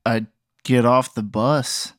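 A man playing along in a game with short, deadpan replies. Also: mid-range voice, takes it slowly, no echo, clean studio sound. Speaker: player. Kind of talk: casual play.

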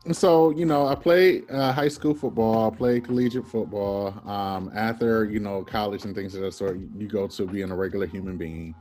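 A man in his thirties, a podcast guest telling an animated personal story and acting out the people in it. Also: deep voice. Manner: animated storyteller, acts out quoted voices, laughs often.

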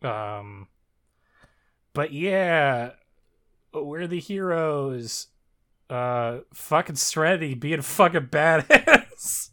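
A man's voice: on the high side, lively intonation, very slow, long pauses. A man casually talking through a story on a podcast, with many fillers and frequent swearing. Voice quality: bright, lots of fillers and swearing, laughs often. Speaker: podcast co-host. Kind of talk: casual chat about a story.

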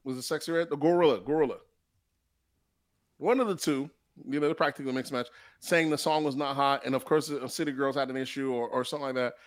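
A man co-hosting a podcast, talking quickly in loose, animated banter and swearing freely. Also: medium pitch. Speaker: podcast co-host. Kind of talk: casual chat.

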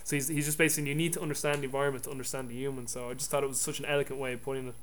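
A man's voice: medium pitch, flat delivery, rapid-fire, fairly bright tone, slight background noise. A man hosting an interview, asking questions and responding in an eager, casual way. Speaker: podcast host.

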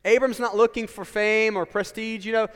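A man's voice: sits high, fairly even intonation, normal speed, clean tone, in a large hall. A male pastor, preaching a sermon in a conversational way, with asides and rhetorical questions.

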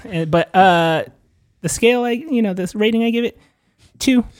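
A man's voice: sits high, moderate pace, no echo. A man co-hosting a casual podcast, laughing often and bantering crudely. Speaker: podcast co-host.

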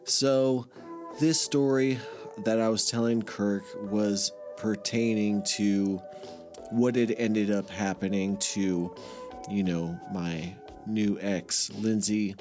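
A man's voice: fairly low pitch, steady tone, takes it slowly, over music. A man telling a long personal story in casual podcast chat, rambling and swearing with lots of filler words and self-mocking asides. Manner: self-mocking, laughs at himself.

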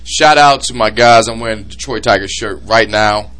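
A man hosting a casual podcast chat, excitable and prone to loud laughing outbursts. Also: lowish voice, normal speed. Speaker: podcast host.

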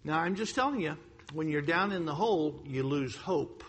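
Male preacher, bright and forceful tone, a bit husky, dramatic sermon delivery with big swings in loudness. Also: fairly high pitch, lively intonation, normal speed. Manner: emphatic storytelling, swings between loud outbursts and hushed lines. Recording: long hall reverb.

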